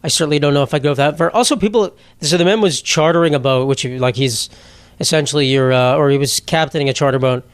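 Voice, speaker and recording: A young man from New York hosts his own comedy podcast, talking in a loose, rambling, sarcastic way. His voice sits a little high, and he swears casually and laughs at his own bits. The sound is dry and close, with no room around it. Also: fast talker, clear, resonant tone, dry recording. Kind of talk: solo comedic podcast monologue.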